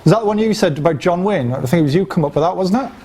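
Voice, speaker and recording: With a high, animated, slightly mellow voice, this man races through a casual, profane dating seminar before a live crowd. He keeps throwing in "right?" and acts things out physically as he goes. There's slight background noise.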